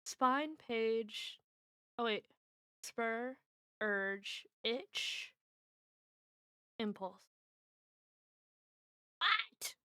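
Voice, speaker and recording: A woman's voice: fairly high pitch, very animated, very slow, pauses often, bright, forceful tone, clean tone, no room sound, studio quality. A woman chatting casually on a stream at home, thinking aloud as she tries guesses at word puzzles and teases the people around her. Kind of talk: casual chat while solving word puzzles.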